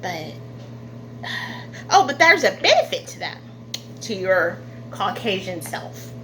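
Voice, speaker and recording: A woman vlogger talking through an indignant monologue, halting often with fillers. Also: medium pitch, sing-song, fairly bright tone, slight background noise. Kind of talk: casual opinion monologue.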